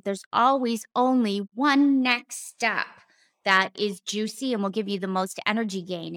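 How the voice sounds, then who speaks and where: A woman's voice: medium pitch, a bit bright, dry recording. A woman coach and former therapist giving a casual teaching talk, earnest, with emphatic repetitions and casual slang.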